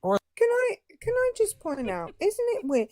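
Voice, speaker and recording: A woman's voice: extremely high pitch, wildly swooping pitch, unhurried, darkish tone, no room sound. A woman who teaches, co-hosting a heated live debate, sarcastic and exasperated as she cuts in. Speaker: teacher and co-host.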